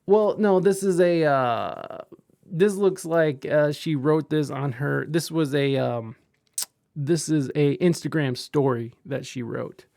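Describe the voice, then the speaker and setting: Gravelly rambling podcast host, man. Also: a little high, slow pace, darkish tone, dry recording, studio quality. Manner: rambling, stumbling restarts, crude jokes. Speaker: podcast host reading chat. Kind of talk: casual crude commentary.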